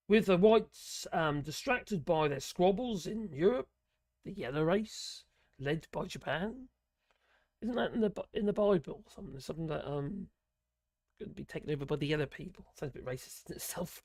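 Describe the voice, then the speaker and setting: Man, somewhat high voice, dry close sound, halting read-aloud commentary, sarcastic asides. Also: dry recording. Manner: halting reading, many fillers, sarcastic asides. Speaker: host of a political channel. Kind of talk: reading an article aloud with commentary.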